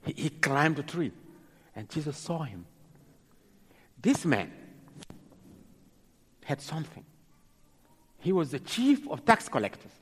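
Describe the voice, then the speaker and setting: A husky, lively preacher with a man's voice pitched on the high side tells stories in a sermon. He's dramatic, acting out the people in his tales, and he speaks haltingly, repeating words. A long hall reverb hangs on the recording.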